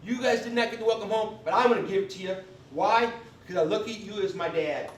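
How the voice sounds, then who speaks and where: A man with a high-sitting voice talks fast while presenting a veterans benefits class live in a convention meeting room. He's folksy and emphatic, checking in with "okay?", and the distant recording of the echoey room carries a little hiss or hum.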